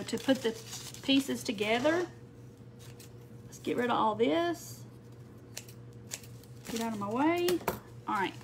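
A woman's voice: a little high, a little hiss or hum. Chatty Southern woman crafting on a live stream. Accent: Southern American. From not from North Mississippi. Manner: chatty, reads out viewer comments. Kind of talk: casual craft tutorial chat. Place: home craft table.

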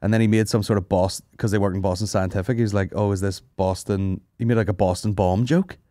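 A man's voice: fairly low pitch, fairly even intonation, fast, dark tone, no room sound, studio quality. A man hosting a comedy podcast, telling rambling, sweary stories, laughing and mimicking people. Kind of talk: casual storytelling chat.

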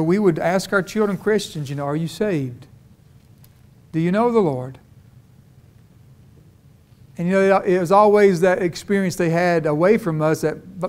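A middle-aged preacher, his voice sitting high for a man. He tells his stories in a folksy, conversational way and keeps climbing into fervent bursts. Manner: storytelling, folksy, rising to fervent. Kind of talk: sermon.

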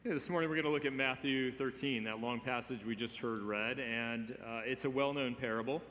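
A man in his fifties preaching a sermon, conversational with gentle humor and emphatic stresses. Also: medium pitch, a little fast, a little hiss or hum. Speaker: pastor. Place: church sanctuary. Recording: reverberant church sanctuary.

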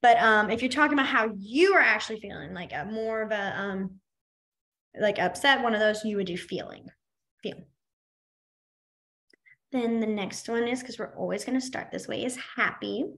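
A woman's voice: a little high, fairly quick, fairly bright tone. A woman teaching a beginner sign language class in a chatty, demonstrative way, with lots of fillers. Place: library classroom.

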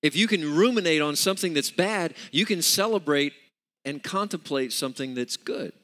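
A man's voice: a little high, normal speed, pushed and bright. A man preaching a sermon with emphatic, repetitive delivery, calling on the congregation to repeat words back. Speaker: pastor. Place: church sanctuary. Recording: long reverb of a large hall.

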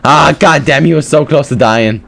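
A young man doing casual gameplay commentary as a gaming YouTuber, joking to himself and then breaking into loud, excited yelling. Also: fairly high pitch, normal speed, vocal fry, slight background noise.

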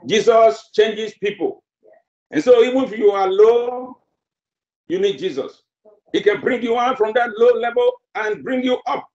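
Preacher, male, very high voice, slow deliberate sermon delivery, roomy muffled recording. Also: darkish tone. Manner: emphatic, repeats phrases for effect.

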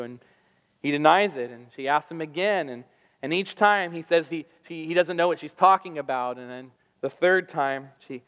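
A man preaching a sermon as pastor, telling the story with animated energy and acting out the voices. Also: fairly high pitch, moderate pace, in a large hall. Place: church sanctuary.

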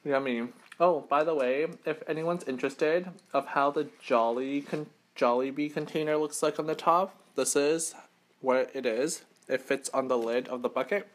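On a camera mic, a man from Western Canada hosts a laid-back mukbang from a hotel room, his voice on the high side and his pace normal. He rambles between bites, correcting himself and laughing.

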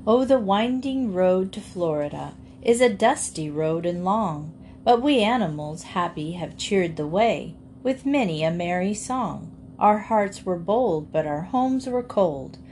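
Cheerful songmaking pig, eager and high, as a woman puts him on. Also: a little hiss or hum. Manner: eager, sings his rhymes.

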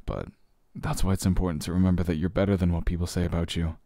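A man in a whispered role-play as a comforting boyfriend, speaking softly and gently, with hesitant fillers, quiet sighs and slow, soothing phrasing. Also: low-pitched, steady tone, vocal fry, dry recording, clean studio sound. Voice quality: soft, gentle and reassuring, with sighs and quiet laughs.

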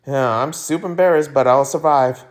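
A man's voice: medium pitch, normal speed, lightly acted. A man voicing an embarrassed, easygoing teenage schoolboy in a webtoon reading, sounding sheepish and laid-back.

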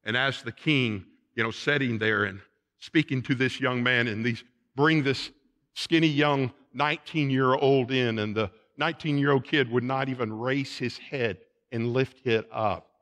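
A man's voice: mid-range voice, measured pace, fairly bright tone. A man pastor delivering a sermon in a church, emphatic and repeating phrases for stress. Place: church sanctuary.

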